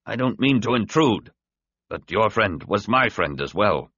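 A man's voice: on the low side, big pitch swings, a little slow, bright, forceful tone, slightly rough, no echo, muffled recording, full character voice. A man voicing a horned male alien who speaks plainly and directly, in an audiobook. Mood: earnest.

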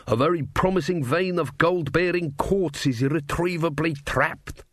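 A man voicing a harried, desperate dwarf king in an audiobook, slow and vague. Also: fairly high pitch, a bit bright, dry recording, studio quality, voice pushed up. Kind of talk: audiobook character voice.

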